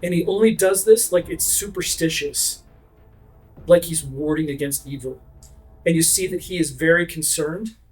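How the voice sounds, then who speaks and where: A man's voice: fairly high pitch, moderate pace, slightly rough, soft background music. A man narrating as game master, describing scenes vividly and immersively.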